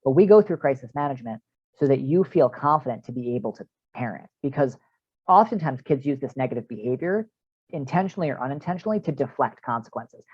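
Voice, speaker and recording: A man's voice: medium pitch, animated, fast, slightly rough, dry recording. A man, a counselor, giving a practical online training talk to parents in a conversational way with many fillers, over a video call. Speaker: counselor presenting a parent workshop. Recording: dull, dry video-call audio.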